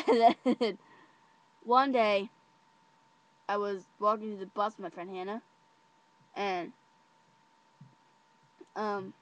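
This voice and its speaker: A woman's voice: mid-range voice, fairly even intonation, slow pace, long pauses. A teenage girl telling a story to camera in a casual, chatty way, full of fillers and giggles. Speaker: vlogger.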